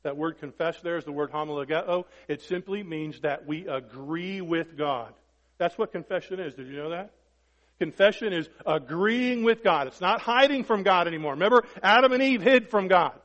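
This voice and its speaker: A man preaching a sermon emphatically, peppering it with rhetorical questions and swinging from loud to hushed. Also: high-pitched. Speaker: pastor. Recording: dull lo-fi recording with long hall reverb.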